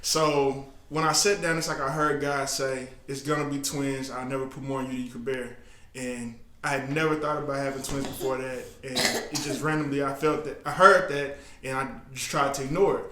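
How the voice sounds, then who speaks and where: A man telling a story in casual chat, speaking haltingly with fillers and restarts. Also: mid-range voice, fairly even intonation, bright, forceful tone, a little hiss or hum. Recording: echoey room.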